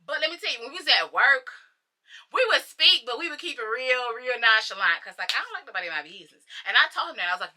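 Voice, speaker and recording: Young woman storyteller, lively swooping high voice, dramatic slangy retelling. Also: fast. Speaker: vlogger. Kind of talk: storytime vlog.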